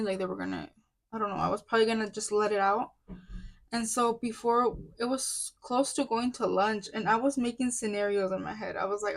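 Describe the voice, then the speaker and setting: A woman in her twenties telling a casual storytime vlog, upset and venting, with many fillers and restarts. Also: mid-range voice. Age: 20s. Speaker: vlogger.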